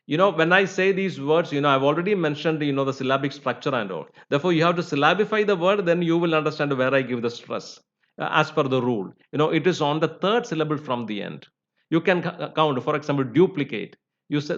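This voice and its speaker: A man teaching English word stress, spelling out suffixes letter by letter and pausing often on fillers. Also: on the high side, a bit bright. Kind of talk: spoken lesson on word stress. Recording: lo-fi dull recording.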